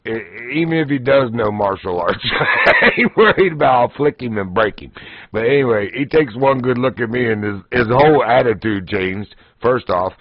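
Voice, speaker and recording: A man's voice: mid-range voice, lively intonation, moderate pace, no echo. A man hosting a livestream, telling casual stories in a folksy way and often laughing as he talks. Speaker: livestream host. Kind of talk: casual storytelling. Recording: dull, dry lo-fi stream audio.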